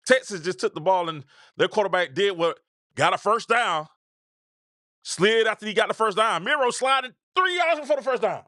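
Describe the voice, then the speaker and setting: A man hosting a call-in sports talk show, talking in an animated, exasperated way and often repeating himself. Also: high-pitched, normal speed, no room sound, studio quality.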